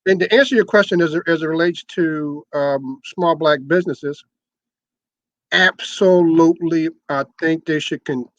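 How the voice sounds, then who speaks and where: An older man, formerly a radio sales manager, unhurriedly recounts his long radio career in a conversational interview, explaining at length and repeating words as he restarts. His fairly high voice is a bit bright. The audio is dull and has no room sound.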